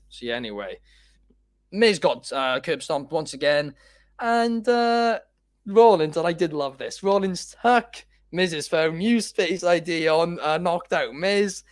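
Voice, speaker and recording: A man's voice: high-pitched, no room sound. A man hosting a casual wrestling chat, opinionated and rambling with many fillers. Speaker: podcast host.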